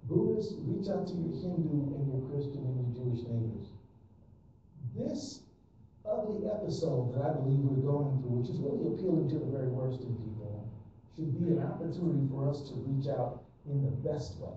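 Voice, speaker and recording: A man with a dark, mellow voice gives an emphatic speech with a preacher-like rhythm. He is heard from far off in a very echoey hall. The sound comes from a dull phone recording with some noise. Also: mid-range voice, animated, moderate pace. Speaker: speaker at press conference. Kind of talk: public speech. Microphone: phone held in audience.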